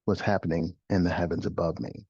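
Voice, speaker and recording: A man's voice: low-pitched, steady tone, a little fast, darkish tone, slightly rough, dry recording, muffled recording. A middle-aged man hosting a motivational talk as a life coach, emphatic and repetitive, posing rhetorical questions. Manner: emphatic, repeats phrases, poses rhetorical questions. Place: studio.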